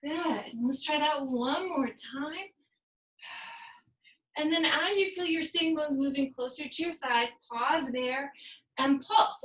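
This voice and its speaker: A woman with a high voice guides a workout in an unhurried, slow rhythm, calmly cueing movements and counting down reps. Now and then she slips in a Spanish phrase. Her voice rings a little in an echoey room. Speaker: yoga and fitness instructor.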